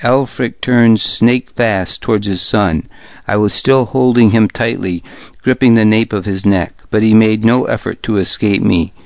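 A man narrating a story in the first person, measured and even. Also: on the low side, vocal fry, dry recording, muffled recording. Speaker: audiobook narrator.

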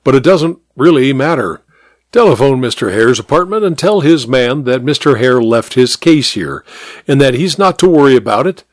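A man's voice: mid-range voice, animated, normal speed, dry recording, clean studio sound, close to an everyday voice. A man voicing a cold, proud doctor who speaks in tight, clipped lines and gets nervous. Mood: brisk.

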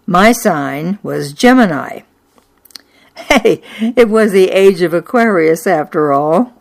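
An older woman tells a story from her own childhood, her voice sitting a little low. She takes her time over every sentence, with a dry, wistful humor. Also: lively intonation, slow, gravelly. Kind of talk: personal memoir storytelling.

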